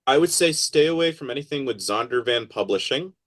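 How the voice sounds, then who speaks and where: A man talking as a podcast guest in a casual interview, animated and acting out quoted voices as he explains. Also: mid-range voice, fairly quick.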